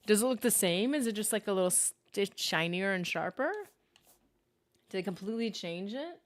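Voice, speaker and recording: A young adult woman hosting a casual gaming livestream, chatty and excitable, reading chat aloud and reacting. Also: medium pitch, moderate pace. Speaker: livestream host.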